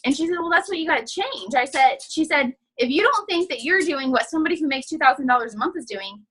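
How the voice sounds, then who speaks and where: A woman's voice: high-pitched, animated, fast, low-quality recording. A young woman giving a casual, upbeat training talk over a video call, chatty and full of "you know". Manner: breaks off to quiet her child. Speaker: guest trainer.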